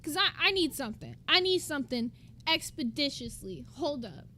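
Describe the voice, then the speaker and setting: A woman's voice: sits high, sing-song, moderate pace, bright, forceful tone. A woman streamer giving blunt, profane, exasperated commentary while reacting to a clip.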